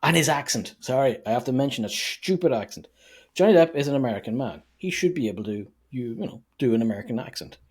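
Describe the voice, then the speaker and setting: Husky man ranting sarcastically. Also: mid-range voice, lively intonation, fast talker, darkish tone. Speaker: podcast co-host. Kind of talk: casual film review chat.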